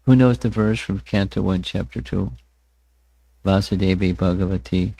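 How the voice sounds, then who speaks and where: A man teaching a scriptural class, speaking deliberately, often repeating words and chanting verses with his listeners. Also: low voice, fairly even intonation, gravelly, warm tone, no echo. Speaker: spiritual teacher. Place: temple hall.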